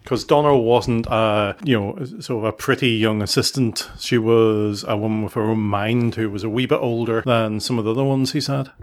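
A man's voice: on the low side, steady tone, normal speed, hardly any pauses. Man, middle-aged, podcast host, chatty, questioning. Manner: chatty, asks questions, restarts sentences. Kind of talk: casual family podcast chat.

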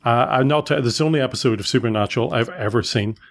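A man's voice: medium pitch, rapid-fire. Middle-aged man, podcast host, loose and playful, often stops to correct himself. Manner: rambling, self-correcting, playful. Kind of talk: casual family podcast chat.

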